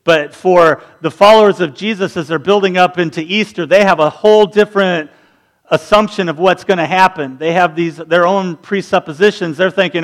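A man in his forties with a notably high voice delivers a sermon. He talks in an animated, storytelling way and acts out the people he describes. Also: normal speed. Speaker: pastor.

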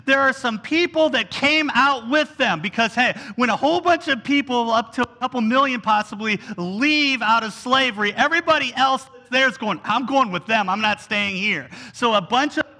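High, bright-voiced male preacher. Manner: animated storytelling with whiny acted-out quotes. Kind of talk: sermon.

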